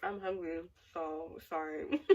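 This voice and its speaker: A young woman tells a rambling, chatty story in a casual vlog, full of "like" and restarts. Her voice sits a little low and sounds husky, and she is set back from the mic. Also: sing-song, slow pace, warm tone, far from the mic, highs cut off. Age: young adult. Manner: rambling, chatty, lots of fillers. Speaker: vlogger.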